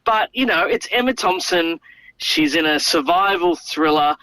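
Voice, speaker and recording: A man guesting as a film reviewer on a podcast, giving opinionated takes in an animated way. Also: a little high, moderate pace, no room sound, poor audio. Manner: animated, opinionated, starts with "look".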